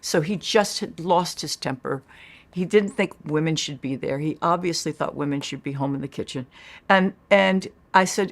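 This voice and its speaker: An older woman as an interview guest, telling her own story in a lively way and acting out the voices she quotes. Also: low-pitched, moderate pace.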